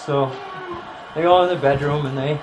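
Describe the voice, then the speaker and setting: A man casually telling a joke to his family at home, halting and restarting as he goes. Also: on the high side, fairly even intonation, echoey room, crowd noise. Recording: loud home background noise.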